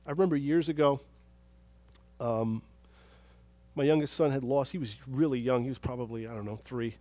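A man preaching a sermon as pastor, telling stories and moving from soft, hushed moments to loud, emphatic praise. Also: medium pitch, normal speed, no room sound.

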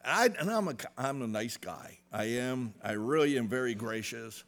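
A middle-aged male pastor preaching a sermon, swinging between loud emphatic bursts and hushed asides, asking the congregation "amen?". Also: mid-range voice, animated, normal speed.

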